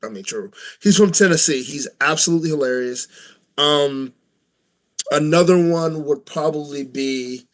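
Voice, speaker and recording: Male podcast co-host, casual rambling chat, easy laughter, slightly high voice. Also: moderate pace, fairly bright tone. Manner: rambling, chatty, laughs easily.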